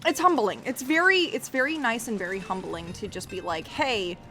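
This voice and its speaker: A woman's voice: a little high, big pitch swings, fairly quick, sharp tone, faint music behind. Rambling, swearing woman streamer. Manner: rambling, profane, restarts sentences. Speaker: game streamer. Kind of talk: casual livestream chat while playing.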